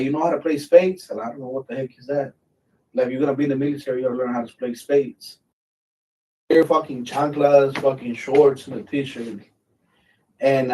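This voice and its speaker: A man's voice: mid-range voice, a little mellow, recorded from a distance, rough recording. A man, a veteran hosting his channel, telling a war story in a rambling, profane way full of fillers. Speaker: veteran host. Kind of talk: casual storytelling.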